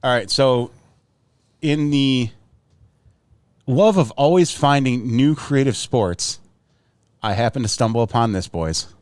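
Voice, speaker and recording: A man's voice: medium pitch, slow pace, long pauses, darkish tone, clean tone, no echo. A man co-hosting a podcast in casual chat, laughing often as he introduces clips. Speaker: podcast co-host.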